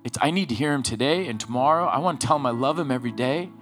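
A middle-aged man gives a sermon at an ordinary mid pitch. He speaks loosely and conversationally, leaning on personal stories and then lifting into emphatic, urgent exhortation. Faint instrumental music plays quietly in the background. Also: quick pace. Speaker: pastor.

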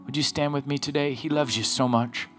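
Pastor, man, middle-aged, earnest and pleading, prays over soft guitar. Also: medium pitch, fairly even intonation, fairly quick. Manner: earnest, pleading, repeats phrases. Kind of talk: sermon with altar prayer.

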